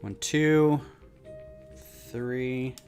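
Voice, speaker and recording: A man's voice: mid-range voice, steady tone, drawn-out words, a little mellow, faint music behind. A man chatting casually on a livestream while he builds, rambling and self-deprecating. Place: home office.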